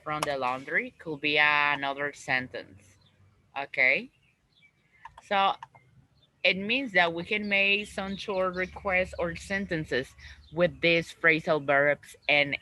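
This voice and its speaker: A man teaching an English class over a video call, slowly repeating words and phrases for his students. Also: on the high side, pushed and bright, slight background noise, rough recording.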